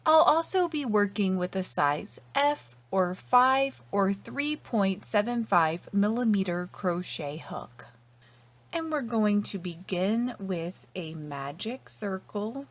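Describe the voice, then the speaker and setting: A woman narrating a step-by-step crochet tutorial in a patient, methodical way, often trailing off softly at the ends of lines. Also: medium pitch, expressive, slow. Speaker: crochet instructor.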